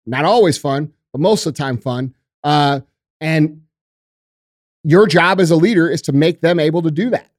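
A fiery, profane man holds forth on a podcast in casual slang, calling everyone bro and dude. His voice sits a bit high for a man and sounds close and dry, with no room around it. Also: normal speed, no echo. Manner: calls people bro and dude. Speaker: podcast guest.

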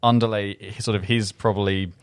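A man chatting casually in a film review podcast, quick and self-interrupting. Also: lowish voice, level tone, smooth, no echo.

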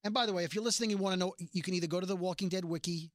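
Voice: mid-range voice, rapid-fire, no room sound, clean studio sound. A podcast host recapping a TV episode in casual chat, acting out the characters' lines as they go. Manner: animated retelling, acts out quoted lines.

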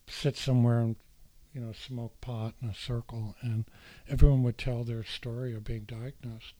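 A man tells a personal story in a candid, emotional way, slipping into the voices of the people he quotes. His delivery is unhurried and his tone mellow and warm. The sound is dry and close. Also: medium pitch, no echo, rough recording. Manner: animated, acts out the people he quotes.

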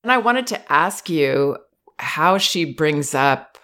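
A woman host giving parenting advice in a calm, measured, reassuring way. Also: low-pitched. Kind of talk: advice consultation.

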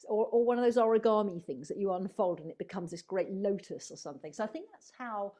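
Speaking fairly quickly in a medium-pitched, dark-toned voice, this middle-aged guest, a psychotherapist and spiritual healer, wanders reflectively through stories during an interview. She performs the voices of anyone she quotes.

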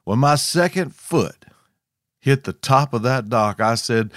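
A man's voice: mid-range voice, animated, measured pace, a bit bright, no echo. A man from Arkansas, telling a scripted outdoor story with dry, wry humor. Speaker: podcast host.

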